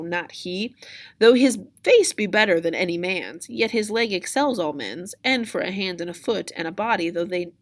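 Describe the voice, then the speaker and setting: A tired, teasing old nurse, read aloud in class by a woman, who stretches her lines out and grumbles about her aches. The voice stays close to the reader's own, with a slow, drawn-out grumble. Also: fairly low pitch, fairly bright tone. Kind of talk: reading a play aloud in class.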